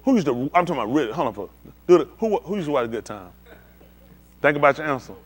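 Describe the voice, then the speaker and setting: A man's voice: a little high, big pitch swings, fast talker. A man hosting a playful trivia game with a room of people, teasing and calling on them by name. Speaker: host leading a group trivia game. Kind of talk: lively group banter.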